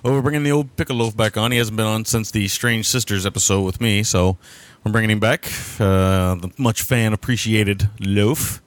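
A man's voice: lowish voice, moderate pace, dry recording. A man co-hosting a casual film podcast from home, laid-back and laughing often. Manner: laid-back, laughs a lot, hesitant with fillers. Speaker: podcast co-host. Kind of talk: casual chat. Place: home, son playing nearby.

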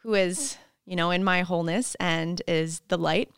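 A woman's voice: on the low side, moderate pace, vocal fry, smooth, no echo, studio quality. A woman guest on a podcast, chatting casually and laughing as she acts out what people said to her. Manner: bubbly, laughing, acts out quotes in voices. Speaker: podcast guest, fitness coach. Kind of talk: casual interview chat.

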